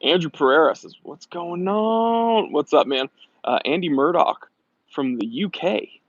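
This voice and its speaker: A man's voice: fairly high pitch, moderate pace, fairly bright tone, husky, no echo. An American man hosting a casual live stream, chatty and upbeat, reading viewer comments aloud and laughing often, with slightly dull lo-fi stream audio.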